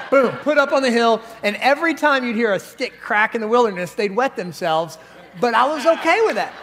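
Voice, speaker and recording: A middle-aged male pastor with a notably high voice delivers a sermon in a large church hall whose sound rings with a long reverb. He tells stories with animation and slips into the voices of the people he quotes. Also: fairly bright tone.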